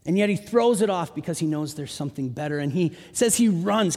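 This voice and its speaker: A man preaching a sermon with animated storytelling, his voice rising into shouts when he acts out the people in the story. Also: high-pitched. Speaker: pastor. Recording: long hall reverb.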